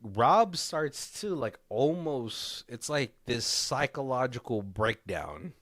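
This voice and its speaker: A man's voice: mid-range voice, very animated, takes it slowly, fairly bright tone, no echo. A man co-hosting a casual podcast, retelling a film in a loose, rambling way and acting out the characters' lines as he goes. His voice sits in a middle range and is recorded dry and close, with no room sound around it. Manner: rambling storyteller who acts out quoted lines and laughs often. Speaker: podcast co-host. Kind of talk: casual movie recap chat.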